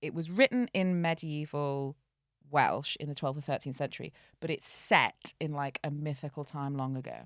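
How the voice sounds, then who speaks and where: A woman's voice: low voice, normal speed, no room sound, clean studio sound. A woman co-hosting a podcast, chatting casually, laughing often and stumbling over hard names while retelling an old tale. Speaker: podcast co-host. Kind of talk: casual chat and storytelling.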